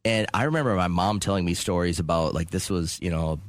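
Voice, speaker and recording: A man's voice: low-pitched, quick pace, no echo, clean studio sound. A man co-hosting a radio show, chatting casually and telling joking stories. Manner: joking storyteller, acts out quotes. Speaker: radio co-host. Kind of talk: casual morning radio banter.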